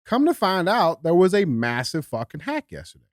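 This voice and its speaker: A podcast co-host with a high-sitting male voice chats casually at a moderate pace, reading news headlines aloud and dropping fillers between them in a relaxed, talkative manner. The studio-quality recording has no room sound.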